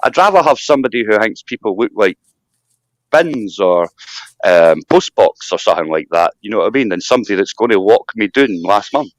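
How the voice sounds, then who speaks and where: A Scottish man hosting a casual live chat, talking in an animated, rambling rant with mocking asides. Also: on the low side, brisk, no room sound. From Scotland. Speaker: live stream host.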